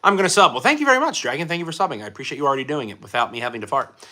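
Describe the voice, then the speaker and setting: A young man hosts a casual livestream from an indoor room under bright lighting, reading out viewer comments and rambling with lots of fillers and restarts. His medium-pitched voice is bright, forceful, very animated and very fast.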